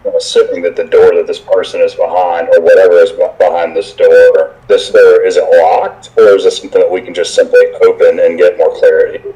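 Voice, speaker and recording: A man's voice: low-pitched, level tone, fairly quick, hardly any pauses, dark tone, low-quality recording. A man playing a tabletop game, asking hesitant, stammering questions. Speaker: player. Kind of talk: casual tabletop play.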